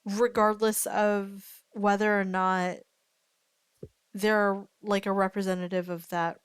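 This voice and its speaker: A woman's voice: medium pitch, little pitch movement, takes it slowly, clear, resonant tone, dry recording. A woman streamer chatting casually, thinking aloud and greeting her chat viewers. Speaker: streamer reacting to a story video.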